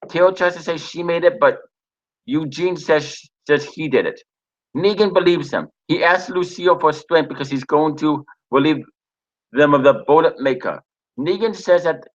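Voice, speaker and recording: Halting man on a dull lo-fi recording. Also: fairly high pitch, a bit bright. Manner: halting, frequent restarts and pauses. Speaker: TV episode reviewer. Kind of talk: reading a recap then casual review.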